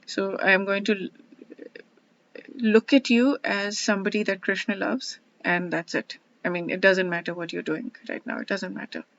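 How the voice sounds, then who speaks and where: A woman hosting her own verse-by-verse study, talking earnestly and haltingly with many restarts as she reflects and explains. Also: medium pitch, fairly even intonation, a bit bright. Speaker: host studying scripture one verse a day. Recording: dull lo-fi sound.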